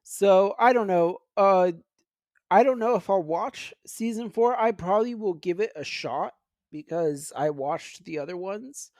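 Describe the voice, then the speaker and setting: A man co-hosting a casual podcast, talking in an animated way with frequent laughs and restarts. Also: high-pitched, unhurried, no room sound, studio quality. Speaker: podcast co-host. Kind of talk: casual chat.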